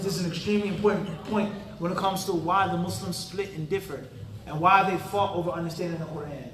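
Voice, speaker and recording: A man giving an interactive religious lecture in a mosque hall, constantly quizzing the audience with fill-in-the-blank questions and tossing in casual street-talk asides. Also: high-pitched. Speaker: Islamic teacher. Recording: roomy hall, mic at a distance.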